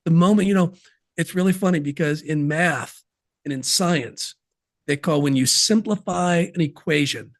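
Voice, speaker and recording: Man, podcast guest, emphatic, folksy, higher pitch, dry close sound. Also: normal speed, no echo. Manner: emphatic, folksy, sports analogies. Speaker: sales systems guest. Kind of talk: podcast interview.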